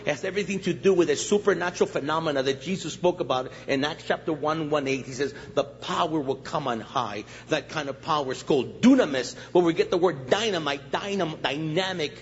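A fairly high-voiced man preaches a sermon in a big church hall, and his voice rings with a long reverb. He tells stories with life and acts out the people he quotes. The sound is a bit muffled, with a faint hum under it. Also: brisk, hardly any pauses. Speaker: guest pastor. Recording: echoey hall, dull sound.

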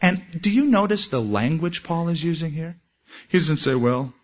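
An earnest male pastor delivers a sermon, with a voice that sits a touch higher than most men's. He moves from personal anecdote into quoted scripture and prayer. The recording sounds dull and lo-fi. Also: lively intonation, normal speed.

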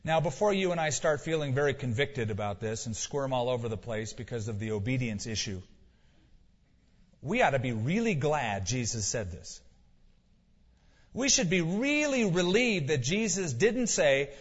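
A man's voice: medium pitch, big pitch swings, moderate pace, breathy edge. A male pastor preaching a sermon with emphasis, asking rhetorical questions and repeating key lines for weight. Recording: dull lo-fi sound with long hall reverb.

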